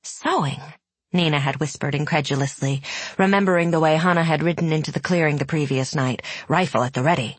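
A woman narrating an audiobook in a measured, even storytelling manner, recorded close to the mic. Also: low-pitched, dry recording. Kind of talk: scripted narration.

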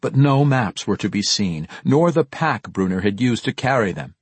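A male audiobook narrator telling a fantasy story in a measured, expressive way. His low voice swings widely in pitch and carries a husky grain. The recording is dry and close. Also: dry recording.

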